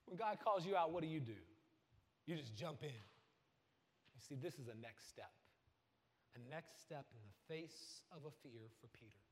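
A man preaching a sermon, swinging from loud bursts to hushed lines. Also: on the high side, lively intonation, normal speed, in a large hall. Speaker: pastor.

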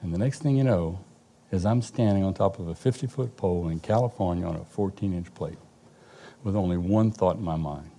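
A middle-aged man telling a personal testimony about his daughter in a halting, storytelling way, with frequent restarts. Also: low-pitched, dark tone. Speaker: father giving a testimony.

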